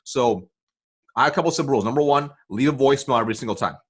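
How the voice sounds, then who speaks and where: Husky guy breaking down sales calls, keeps saying okay? right?. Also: medium pitch, rapid-fire. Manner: checks in often with "okay?" and "right?". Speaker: sales coach guest. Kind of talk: explaining in an interview.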